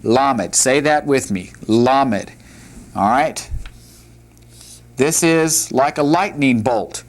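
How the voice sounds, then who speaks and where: A man's voice: on the high side, animated, slow. A man teaching a lesson at a whiteboard, patiently repeating each letter and joking now and then. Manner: plain-spoken, with light jokes. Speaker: Hebrew teacher.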